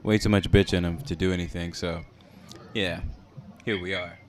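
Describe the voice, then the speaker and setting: A man's voice: low voice, fairly even intonation, normal speed. A man co-hosting a casual podcast, laid-back, often laughing and trailing off with fillers. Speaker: podcast co-host. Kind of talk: casual chat.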